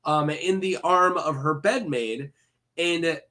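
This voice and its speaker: A man's voice: a little high, slow pace, sharp tone. A man casually retelling fantasy lore for a video, rambling with many fillers and self-corrections and throwing in jokey asides to the viewer.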